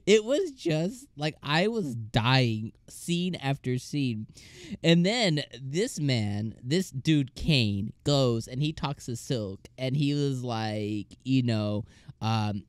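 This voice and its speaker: Male anime reviewer, casual and animated, acts out scenes in silly voices, dry close sound. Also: mid-range voice, takes it slowly, no echo. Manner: laughing, animated retellings with comic voices.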